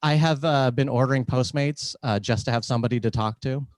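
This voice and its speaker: A young man doing a clean stand-up set over a video call, wry and self-mocking, slipping into deadpan voices for the people in his stories. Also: mid-range voice, a little fast, dry recording. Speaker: stand-up comedian.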